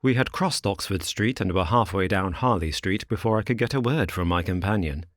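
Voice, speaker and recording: Deep-voiced male audiobook narrator. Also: fairly quick, few pauses, dry recording, studio quality. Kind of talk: scripted narration.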